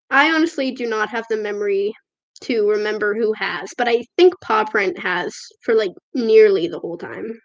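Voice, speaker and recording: A woman's voice: mid-range voice, moderate pace, muffled recording. A female vlogger chatting casually on a livestream, reading viewer comments in a self-deprecating way, recorded on a tablet at home. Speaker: livestream host. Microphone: tablet camera microphone.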